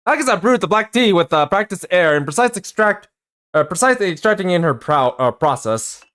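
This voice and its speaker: Animated game story reader. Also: mid-range voice, a little fast. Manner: unscripted reading with frequent fillers and restarts. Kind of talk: reading a game's story aloud.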